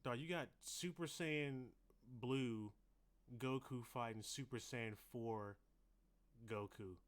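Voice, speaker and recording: Animated, swearing man in casual podcast chat. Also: medium pitch, takes it slowly, clear, resonant tone. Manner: animated, swearing, acts out quotes loudly. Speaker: podcast co-host.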